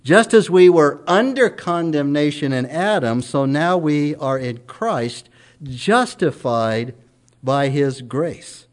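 Man, middle-aged, sermon, earnest and emphatic, fairly high voice. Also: expressive, takes it slowly. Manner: earnest, emphatic preaching with strong rises and falls. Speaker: preacher.

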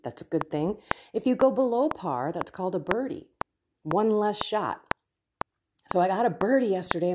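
A woman's voice: medium pitch, noisy background. Earnest middle-aged woman sharing her faith. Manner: earnest, personal testimony with soft asides. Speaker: Catholic podcast host. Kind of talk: reflective faith talk.

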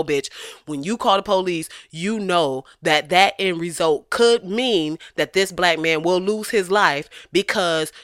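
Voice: medium pitch, sharp tone, dry recording, studio quality. A vlogger ranting in blunt, profane commentary, speaking emphatically and swearing freely.

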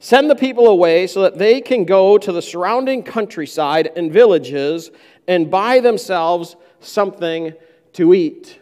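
A man's voice: high-pitched, expressive, measured pace, a little mellow, in a large hall. A man preaching a sermon, who acts out the disciples' complaints in a raised voice. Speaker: pastor.

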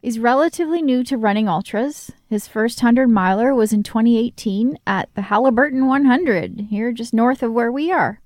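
A woman co-hosts a running podcast, chatty and quick to laugh. Her voice sits a little high and sounds dry and close, with no room around it. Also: a little mellow, no echo. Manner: chatty, giggly, introducing a guest. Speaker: podcast co-host. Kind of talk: casual chat.

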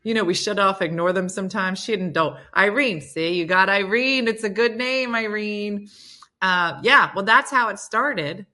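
A woman in her fifties hosting a live phone stream, telling family stories in a chatty, animated way and reading out viewer comments. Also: medium pitch, normal speed. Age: 50s. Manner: chatty, animated, rises sharply when excited. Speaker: livestream host. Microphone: phone camera.

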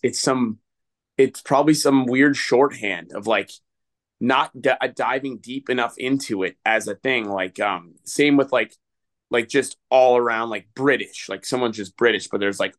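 Male filmmaker guest, mid-pitched voice, chatty and meandering, filler-heavy. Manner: rambling, filler-heavy, full of "like". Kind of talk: casual conversation.

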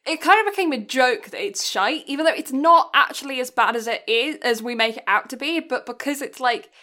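A woman's voice: sits high, expressive, a little fast, sharp tone. A young British woman co-hosting a podcast, chatting casually, swearing and laughing often. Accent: British English. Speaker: podcast co-host. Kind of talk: casual chat.

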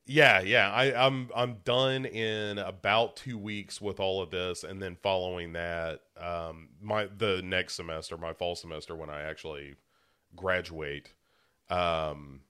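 Low, bright-voiced man in casual chat. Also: steady tone, unhurried, smooth. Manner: rambling, self-mocking, with many restarts. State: a little congested. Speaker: podcast co-host.

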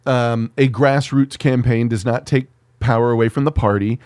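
A man's voice: mid-range voice, steady tone, normal speed, a little mellow, dry recording. Male podcast co-host, sarcastic and profane, laughs easily, dry studio sound. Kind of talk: casual chat.

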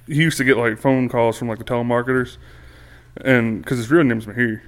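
A man's voice: mid-range voice, steady tone, fairly quick. A man in casual chat, telling loose anecdotes with frequent laughter and swearing.

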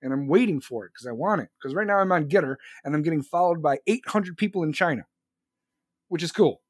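A man's voice: a little high, expressive, brisk, no echo, clean studio sound. A young man hosting a livestream, ranting sarcastically and swearing constantly while reading chat. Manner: crude, sarcastic, swears constantly, laughs at own jokes. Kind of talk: profane rant reacting to chat.

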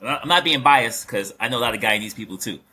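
A man's voice: medium pitch, fast, sharp tone, breathy edge. A man interviewing a guest in a casual, joking chat, asking curious questions.

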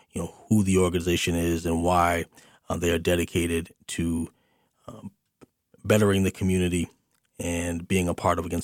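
A man hosting a community radio talk show, speaking in a halting way with many ums and uhs. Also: low voice, no room sound, studio quality.

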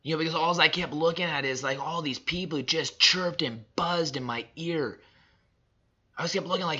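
A man in his thirties delivering a personal motivational monologue, emphatic and repetitive, swinging between loud and soft. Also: fairly high pitch, normal speed, slightly rough, muffled recording. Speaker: father sharing reflections.

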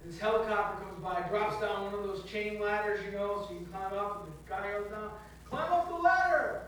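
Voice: medium pitch, level tone, fairly quick, a bit bright, slight background noise. A pastor giving a sermon in a conversational storytelling manner with touches of humor. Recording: echoey hall from far off, faint background.

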